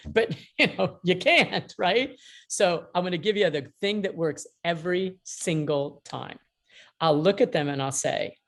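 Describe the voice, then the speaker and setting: A woman with a low, gravelly voice speaks on a video call. She teaches with emphatic humor, slipping into little acted-out exchanges to make her points land. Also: moderate pace. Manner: emphatic, humorous, acts out dialogue. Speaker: mediator and author being interviewed. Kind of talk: lively teaching talk with anecdotes.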